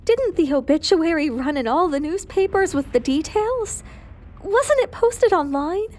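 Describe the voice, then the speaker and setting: A heartbroken young widow cries out in a thin, rising voice, as a woman narrator acts her. Her lines climb high with grief in this storybook drama. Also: animated, a little slow, darkish tone. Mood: distraught. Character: distraught grieving young widow.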